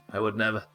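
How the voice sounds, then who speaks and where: Man, live game streamer, thinking aloud, bright tone, soft music underneath. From England. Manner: muttering to himself, thinking aloud. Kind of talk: live gameplay commentary.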